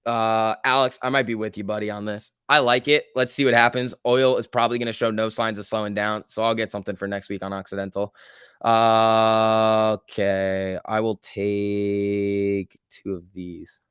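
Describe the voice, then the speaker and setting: A man hosting a live trading stream, giving loose running commentary, reading chat aloud and breaking into quick excited outbursts. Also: fairly low pitch, clean tone, no room sound, clean studio sound. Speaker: livestream host.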